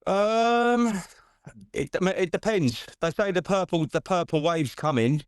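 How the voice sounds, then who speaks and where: Indignant British man, fast restarts. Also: high voice, smooth, no echo, studio quality. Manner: indignant, animated, many restarts and "do you know what I mean". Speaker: podcast guest. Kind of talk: casual podcast chat.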